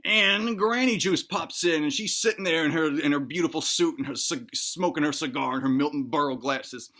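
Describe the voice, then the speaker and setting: A man's voice: fairly high pitch, normal speed. Man rambling through a crude comic tale. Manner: rambling, crude and deadpan, with many restarts. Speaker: comedic storyteller. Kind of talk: improvised comedic storytelling.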